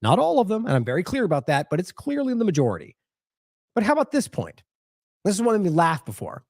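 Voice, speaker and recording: A man hosting an independent news commentary show, talking in a sarcastic, mocking and animated way. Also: high voice, fast talker, dry recording, clean studio sound. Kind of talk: opinionated commentary.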